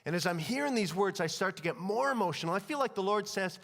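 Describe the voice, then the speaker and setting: A man preaching at a conference, telling stories with animated energy and humor. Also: sits high, fairly quick, few pauses. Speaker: conference speaker. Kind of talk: energetic sermon. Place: conference hall. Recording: long reverb of a large hall.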